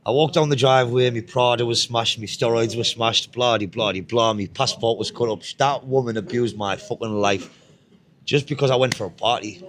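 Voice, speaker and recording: A man's voice: mid-range voice, fairly even intonation, moderate pace, fairly bright tone. Man, Northeast English accent, blunt, swearing, repetitive, casual storytelling. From Northeast England. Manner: blunt, heavy swearing, repeats himself. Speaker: guest.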